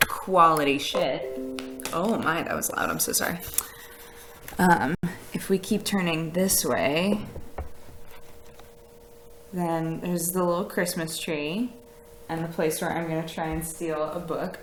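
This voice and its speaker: A woman's voice: sits low, takes it slowly, long pauses, slight background noise, poor audio. A woman chatting casually on a live stream, rambling with fillers and laughs as she reads messages from chat. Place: house with a conservatory.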